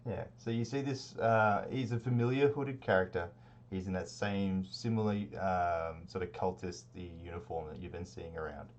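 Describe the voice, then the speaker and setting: A man narrating a tabletop game as game master, in a relaxed, rambling way with many fillers. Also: low-pitched, moderate pace, lo-fi sound, slight background noise.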